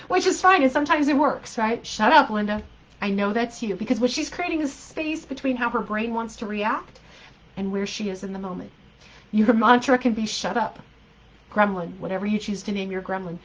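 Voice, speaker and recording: A woman's voice: mid-range voice, poor audio. Woman life coach, earnest group talk, emphatic and repetitive, mid-range voice. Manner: earnest, emphatic, repeats key phrases, laughs often.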